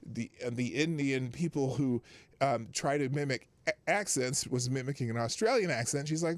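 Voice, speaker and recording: A man's voice: mid-range voice, moderate pace, a bit bright, no echo. A middle-aged man hosting a live show, telling a long exasperated story in a rambling, casual way. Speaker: livestream show host.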